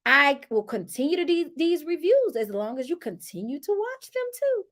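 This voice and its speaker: A woman hosting a casual reality TV recap vlog, sassy and animated, talking straight to her viewers and calling them honey. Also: sits high, normal speed.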